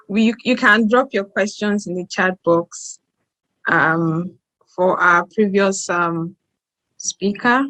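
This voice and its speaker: A woman's voice: mid-range voice, a bit bright, rough recording. A woman hosting an online event, hesitant and apologetic, often restarting her sentences. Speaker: event host.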